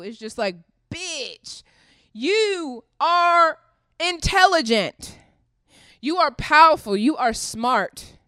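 A woman's voice: dry recording, studio quality. Blunt, profane woman ranting. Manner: swings between loud outbursts and low muttering. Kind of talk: direct-to-camera rant.

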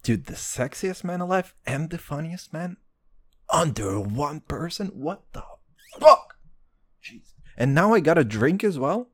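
A young man doing a rambling, profane comic monologue, jumping between voices and pitches as he riffs. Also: a little slow. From Israel. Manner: profane, excitable, riffing with sudden jumps in pitch.

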